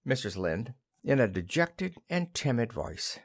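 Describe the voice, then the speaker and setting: A man narrating an audiobook play, reading out the stage directions and speaker names in a low, even manner. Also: a little slow, hardly any pauses, husky.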